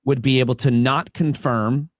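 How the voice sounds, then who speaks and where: A man, a comic and podcast host, talking as a guest on a casual podcast and building long, earnest arguments in quick bursts. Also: mid-range voice, fairly even intonation, no echo, clean studio sound.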